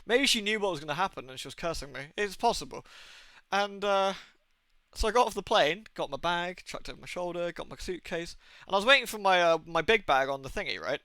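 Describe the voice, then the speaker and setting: A man's voice: high voice, lively intonation, brisk, pushed and bright, clear, resonant tone, no room sound. A British man in his thirties streaming a game, chatting casually and telling rambling stories with casual swearing. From Britain. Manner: rambling, anecdotal, swears freely. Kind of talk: casual gaming stream chat.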